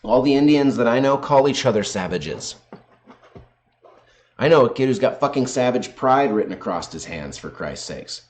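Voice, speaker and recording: A man's voice: mid-range voice, lively intonation, normal speed. A man ranting on video, sarcastic and combative, swearing heavily as he argues. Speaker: video host. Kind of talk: profane ranting commentary.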